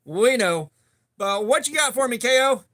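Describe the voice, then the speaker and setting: Man, very high voice, casual live stream host, relaxed chat. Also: a little fast. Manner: laid-back, greets chat viewers by name. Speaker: livestream host.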